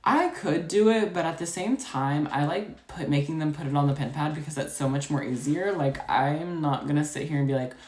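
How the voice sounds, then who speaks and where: A woman telling a customer-service story in a chatty, rapid, animated way, full of filler words. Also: low voice. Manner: chatty, full of "like" and "you know". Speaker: storytime vlogger. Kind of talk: casual storytelling. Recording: echoey room.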